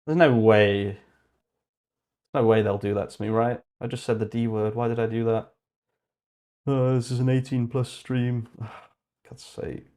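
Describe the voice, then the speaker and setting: With long pauses and a slightly slow pace, this young streamer's medium-pitched voice drifts through casual talk as he codes. He swears openly, thinks aloud, and reads notes from his code in a flat murmur.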